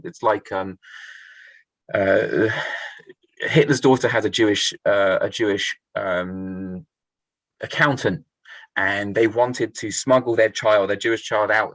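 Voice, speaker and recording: A man's voice: on the low side, fairly bright tone, no room sound, rough recording. A man leading a Torah study class, thinking aloud, restarting phrases and putting questions to the group.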